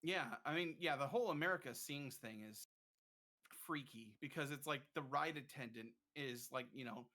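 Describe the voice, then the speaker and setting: A man's voice: medium pitch, moderate pace, sharp tone. A man in a casual stream chat, eagerly explaining theme park ride effects in detail. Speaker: streamer guest.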